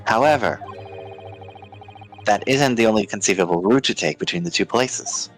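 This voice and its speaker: A man voicing an earnest young male defense lawyer, laying out an argument in measured tones. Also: lowish voice, animated, soft background music, close to an everyday voice, rough recording. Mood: explaining. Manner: measured, explanatory courtroom delivery.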